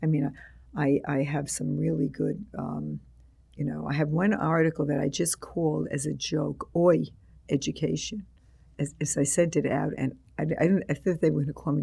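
A man's voice: a little high, steady tone, moderate pace, vocal fry, a little mellow, husky. An older man, an author and teacher being interviewed, rambling through anecdotes with many restarts and acted-out quotes.

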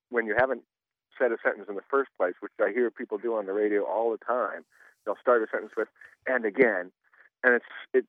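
A man's voice: mid-range voice, no echo. A man calling a radio show, venting in an exasperated way and repeatedly asking if he is understood. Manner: exasperated, repeats "you know what I mean". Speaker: caller. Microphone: phone. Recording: narrow phone line.

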